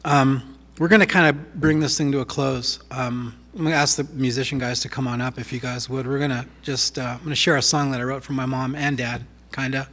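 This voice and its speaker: A man speaking as pastor in a church, sharing memories softly and reflectively, with many fillers. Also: mid-range voice, fairly even intonation, brisk, few pauses. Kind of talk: eulogy-style sharing from the pulpit. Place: church sanctuary. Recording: live church stream with music behind. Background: guitar playing.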